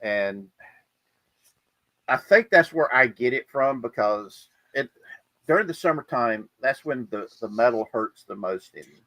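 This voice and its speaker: A man's voice: medium pitch, expressive, measured pace, a bit bright, no room sound, low-quality recording. A man hosting a podcast in casual chat, telling stories with lots of swearing and laughter. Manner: profane, laughing storyteller. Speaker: podcast host.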